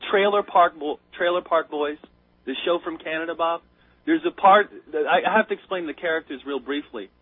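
A man calls in over a thin, tinny phone line, his voice husky and pitched a little high. He tells his story in an excited, rambling rush, stumbling and restarting as he goes, and the sound is dry and close. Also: a little fast, dry recording. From United States. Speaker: caller. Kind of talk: casual chat.

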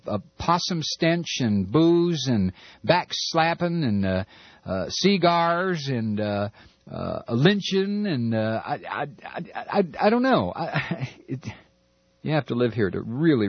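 Male talk host, fiery and sarcastic, stumbles over words, lively husky voice, dull lo-fi sound. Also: medium pitch, measured pace, no echo. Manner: impassioned, stammering, sarcastic. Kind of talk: political rant monologue. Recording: dull lo-fi recording.

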